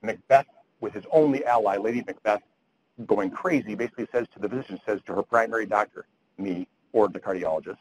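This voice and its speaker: A man's voice: lowish voice, fast, a little hiss or hum, poor audio. A middle-aged man lecturing physicians at grand rounds, earnest, quoting literature, with frequent restarts. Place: lecture hall.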